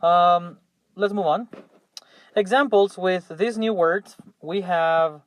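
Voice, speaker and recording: A man's voice: sits high, takes it slowly, no echo. A young man teaching English vocabulary, patiently repeating each word three times for students. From Mexico. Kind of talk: classroom vocabulary drill.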